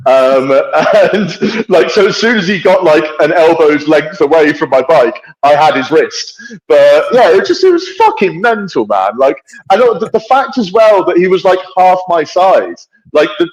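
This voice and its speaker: A man on a podcast as a guest correspondent, telling travel stories in a blunt, sweary, lively way over a remote audio setup. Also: a little high, moderate pace, rough recording. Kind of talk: casual podcast storytelling.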